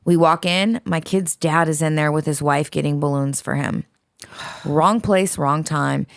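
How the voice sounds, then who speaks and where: A woman's voice: low-pitched, steady tone, unhurried, gravelly, no room sound, studio quality. A woman co-hosting a podcast, reading a listener's letter aloud in a blunt, profane, dramatic way.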